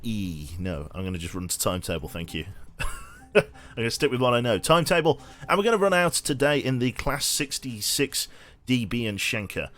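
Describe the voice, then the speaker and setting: A man's voice: medium pitch, very animated, moderate pace, fairly bright tone. A young man chatting casually while streaming a game, rambling and swearing with lots of restarts. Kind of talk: casual live-stream chat.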